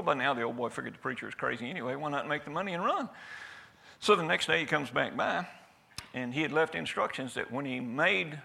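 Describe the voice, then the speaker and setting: A male pastor preaches in a church, spinning a folksy story and acting out each line of dialogue. His voice is gravelly and bright, and he talks at a quick clip. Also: mid-range voice. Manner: folksy, animated, acts out the dialogue. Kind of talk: storytelling sermon.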